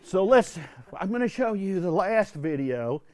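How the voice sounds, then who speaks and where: An older man telling a personal story to a religious retreat group, earnest and halting, often restarting his sentences. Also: sits high, sing-song, darkish tone. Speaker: retreat speaker. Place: indoor retreat hall.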